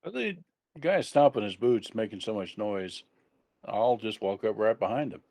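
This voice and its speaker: A man at a tabletop game asks careful questions and lays out his plans. His voice is on the low side, and the recording is dry. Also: animated, normal speed, vocal fry, a little mellow, no room sound. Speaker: player.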